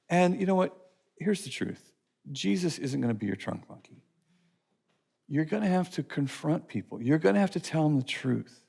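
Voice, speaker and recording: Gravelly man teaching a class. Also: fairly high pitch, moderate pace. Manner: repeats phrases, lively storytelling with put-on voices. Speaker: curriculum teacher. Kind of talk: teaching a recorded class session.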